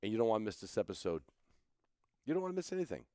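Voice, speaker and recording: A road-weary man hosts a podcast in a low, easygoing voice. He rambles and jokes at his own expense, drifting into asides, while sitting at a picnic table in a garage. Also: big pitch swings, racing, darkish tone, smooth. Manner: jokey, self-mocking, rambling asides. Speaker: podcast host. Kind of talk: casual rambling chat.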